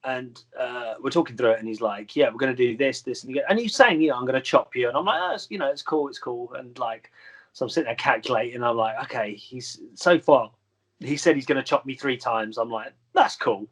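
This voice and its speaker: A man's voice: medium pitch, brisk, fairly bright tone. A man in his thirties, a wrestler guest telling stories in a rambling, filler-heavy way and laughing at his own stories. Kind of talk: casual storytelling chat.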